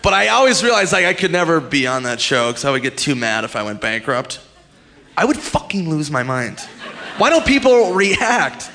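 A man doing a stand-up comedy set, swinging into loud shouted impressions. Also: mid-range voice, very animated, fairly quick, creaky. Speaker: stand-up comic.

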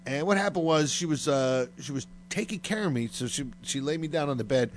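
A man's voice: a little high, lively intonation, fairly quick. A man telling a long, crude story in casual chat, full of fillers and swearing. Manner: rambling and profane, heavy on fillers.

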